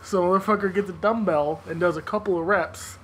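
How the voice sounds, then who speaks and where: A man's voice: high-pitched, steady tone, brisk, a little hiss or hum, rough recording. A man hosting a podcast, recounting news in loose, casual chat with frequent laughter and swearing. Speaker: podcast host.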